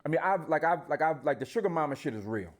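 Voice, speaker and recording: A man's voice: fairly high pitch, animated, fast. A man hosting a podcast, talking bluntly in casual chat with plenty of profanity. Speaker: podcast host.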